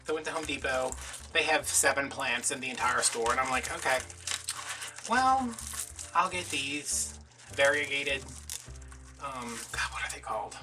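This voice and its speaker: A man's voice: medium pitch, little pitch movement, fast, recorded from a distance, over music. A man from Louisiana, chatting through a rambling, sarcastic story in a casual vlog. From Louisiana, USA. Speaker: crafting vlogger.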